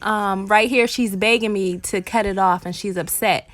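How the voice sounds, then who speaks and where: A woman's voice: medium pitch, steady tone, moderate pace. A woman, a mother and hair vlogger, narrating a home haircut in a casual, explanatory voice-over full of ums and likes.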